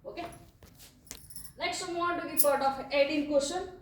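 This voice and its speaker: A high-pitched woman with an Indian English accent teaches English, going through exam questions one by one. She reads each option slowly and keeps saying okay as she explains. Her voice sits a bit back from the mic in a roomy, echoing space. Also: slight background noise. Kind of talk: exam answer walkthrough lesson. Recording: echoey room, voice from a distance.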